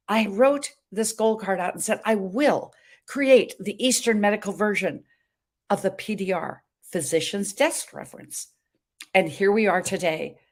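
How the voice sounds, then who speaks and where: A woman in her seventies hosting a talk show, telling a story in an emphatic, dramatic way from a hotel room. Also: mid-range voice. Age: 70s. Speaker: show host.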